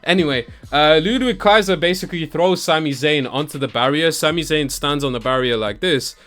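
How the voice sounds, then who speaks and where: A young man recapping wrestling shows in a casual vlog, excitable and slangy, laughing often and mimicking the wrestlers. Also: a little high, brisk. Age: young adult. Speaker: wrestling YouTuber. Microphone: camera that tracks him.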